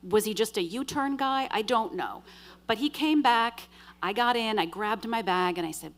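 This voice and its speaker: A woman telling a true story on stage in the first person, with dry, wry humor and lively quoted dialogue. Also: fairly high pitch, moderate pace. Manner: vivid, animated retelling with quoted dialogue. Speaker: storyteller at a live show.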